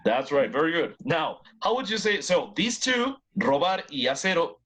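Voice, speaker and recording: A man's voice: on the high side, very animated, moderate pace, a bit bright. Encouraging bilingual English teacher, man. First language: Spanish. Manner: switches between English and Spanish, encouraging, repeats words for drills. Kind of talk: online class teaching.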